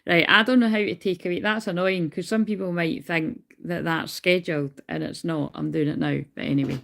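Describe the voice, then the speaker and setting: Creaky-voiced chatty Scottish woman. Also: lowish voice, fairly even intonation, fairly quick, a bit bright. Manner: chatty, rambling, swears casually. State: tired. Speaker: tarot card reader. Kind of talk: casual live stream chat. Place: in bed at home.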